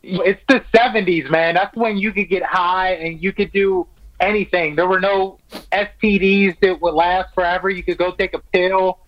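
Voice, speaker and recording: A high-pitched man talks easily and eagerly, sprinkling his sentences with "man" and "like". He sounds dry and close, with no room around him. The lo-fi line dulls his voice. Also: fairly even intonation, normal speed, dry recording. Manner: laid-back and enthusiastic, peppered with "man" and "like". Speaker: stand-up comic, podcast guest. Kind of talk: casual podcast chat.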